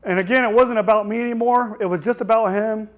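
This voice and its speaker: A man's voice: sits high, steady tone, quick pace. A young man giving a keynote speech, telling a personal story in a raw, emotional way with frequent restarts. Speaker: keynote speaker. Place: conference hall.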